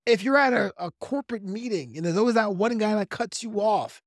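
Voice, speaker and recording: A man from New York with a softened Brooklyn accent, a comedian guest on a podcast, talking fast in an animated, practiced radio-style way. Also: sits high, no room sound, clean studio sound. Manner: self-described fast talker. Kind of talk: podcast interview.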